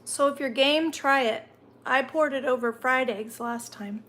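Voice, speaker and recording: A woman's voice: high-pitched, measured pace, a bit bright. A woman hosting a casual live stream from home, chatting and answering viewer comments while she eats, sometimes talking through a mouthful. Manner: talks while chewing.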